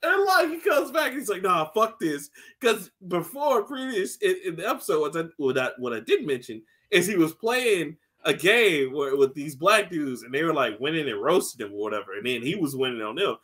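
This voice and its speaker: Male podcast co-host, higher bright voice, animated casual storyteller. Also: fairly quick, hardly any pauses, slightly rough. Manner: animated storyteller, acts out scenes, laughs often, swears. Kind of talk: casual chat, recapping a TV episode.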